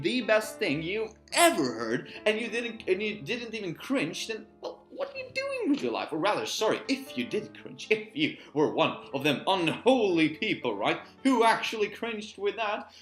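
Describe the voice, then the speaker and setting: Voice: medium pitch, fairly bright tone. A young adult vlogger from Sweden, reciting a poem and then rambling in a playful, self-mocking way, recorded outdoors. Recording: echoey with faint guitar music.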